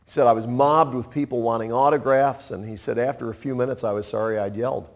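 A man in his sixties, a pastor preaching a sermon in an animated way, acting out playful voices and chuckling as he goes. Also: mid-range voice, quick pace, creaky. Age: 60s.

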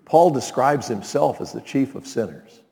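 Animated male preacher in a reverberant hall. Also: mid-range voice, normal speed, creaky, breathy edge. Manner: emphatic preaching, checks in with listeners. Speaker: pastor. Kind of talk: sermon. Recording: long reverb in a large hall.

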